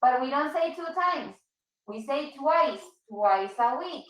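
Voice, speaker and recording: Female teacher, high voice, patient and slow with examples, echoey room. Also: lively intonation, fairly bright tone, distant mic. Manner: patient, repeats and explains slowly, switches into Spanish. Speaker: English teacher. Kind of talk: online English class for Spanish speakers.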